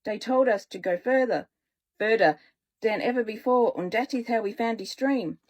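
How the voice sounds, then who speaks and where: A woman's voice: fairly high pitch, a little mellow, natural voice. A woman doing an earnest German-accented boy. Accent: put-on German. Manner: earnest, halting, apologetic. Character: young teen boy with a put-on German accent.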